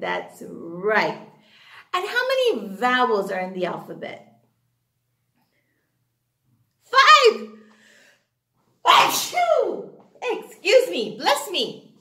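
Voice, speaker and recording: A woman teaching an online phonics lesson for young children, asking questions and answering them herself in a sing-song way. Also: sits high. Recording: echoey room.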